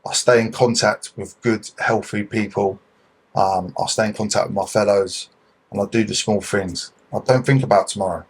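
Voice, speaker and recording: A man, a podcast guest in recovery, giving earnest advice in a husky voice, emphatic and swearing freely. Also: lowish voice, steady tone, moderate pace. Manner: emphatic, swears freely, repeats points for stress.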